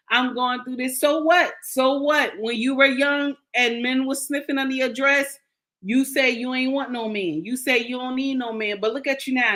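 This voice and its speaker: An older woman with a slightly high, bright, forceful voice runs a commentary vlog. She gives her viewers casual opinion commentary that comes across as sassy and preachy.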